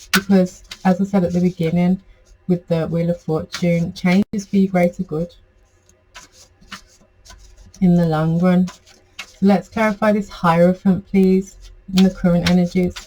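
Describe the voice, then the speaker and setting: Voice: medium pitch, level tone, measured pace, pauses often, warm tone, slight background noise, rough recording. A tarot reader giving a casual, chatty reading to camera, rambling with many fillers.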